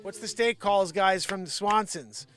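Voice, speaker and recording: Livestream guy rambling and joking around, bright edgy voice, a bit high. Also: unhurried, faint music behind. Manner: rambling, jokey, slips into impressions. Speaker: live show host. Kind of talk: improvised comedic livestream rambling.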